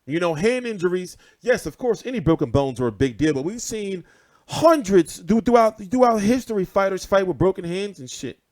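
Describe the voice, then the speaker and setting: A man's voice: high-pitched, normal speed. A man hosting casual boxing commentary, ranting with lots of swearing and repetition. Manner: animated, profane, repeats himself.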